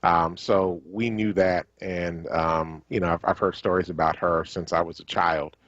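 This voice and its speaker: A man hosting a talk radio show, chatting in a relaxed way with his co-host and thanking listeners. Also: low voice, moderate pace, no room sound. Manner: relaxed, conversational, ends by signing off the show. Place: radio studio. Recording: dull lo-fi stream audio.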